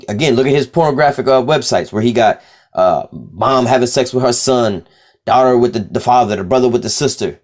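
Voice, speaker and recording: A young man talks through scripture in a loose, street-casual way, swearing freely and leaning on fillers and repeated phrases. When he quotes verses he slows down and reads them deliberately before drifting back into his informal commentary. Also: medium pitch, a little mellow. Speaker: scripture teacher.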